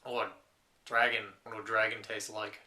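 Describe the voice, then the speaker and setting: A man's voice: on the low side, flat delivery, moderate pace, sharp tone. A young man playing a lonely last man on earth, telling wry rambling stories to camera in a scripted comedy monologue.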